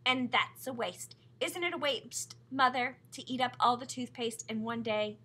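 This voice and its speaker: A bossy little sister from a storybook, insistent and quick to tell on her brother. A woman reads her aloud. Her voice is bright and pushed up louder. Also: medium pitch, husky, exaggerated voice. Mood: tattling. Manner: insistent, tattling. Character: young girl, bossy tattling little sister.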